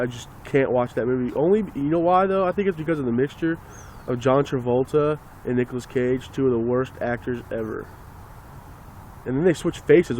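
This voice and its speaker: A man's voice: medium pitch, darkish tone, slight background noise. A man ranting casually and sarcastically into a phone, rambling and swearing as he talks. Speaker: vlogger.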